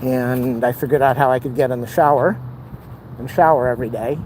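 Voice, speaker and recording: Filming a walking vlog near an airport with a handheld camera, a man chats casually, rambling and frequently exclaiming while overheated and short of breath amid outdoor street noise. His mid-range voice is steady, brisk, and a little mellow, and the recording is low quality.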